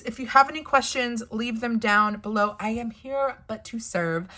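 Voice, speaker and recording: Bright, upbeat woman planner vlogger. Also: mid-range voice, animated, moderate pace, slight background noise. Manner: upbeat, chatty, talks to viewers as friends. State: losing her voice. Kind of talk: casual product review.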